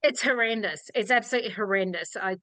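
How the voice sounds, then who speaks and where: An Australian woman in middle age chats on a podcast, telling stories in an animated way and slipping into the voices of the people she quotes. Her voice sits at a medium pitch, and the sound is close and dry with little room around it. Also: fast talker, dry recording, rough recording. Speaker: author guest. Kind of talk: casual podcast chat.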